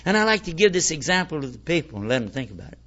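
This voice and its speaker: A man's voice: fairly high pitch, big pitch swings, very fast, bright, forceful tone. A man giving an informal religious talk in a folksy, conversational way, asking his listeners rhetorical questions. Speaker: Islamic preacher. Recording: lo-fi dull recording.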